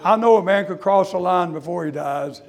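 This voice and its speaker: A man preaching a sermon in an unusually high voice. He drops to a near whisper, then climbs to a shout, and he peppers every line with "uh" and "amen" in a revival-style preaching cadence. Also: normal speed. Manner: swings from hushed confession to shouting. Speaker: preacher giving his testimony.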